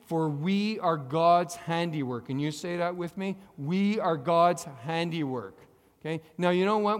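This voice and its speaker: A pastor preaching a sermon to his congregation, calling for amens and having them repeat lines after him, moving between loud emphatic phrases and quiet asides. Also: high-pitched, big-room sound. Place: church sanctuary.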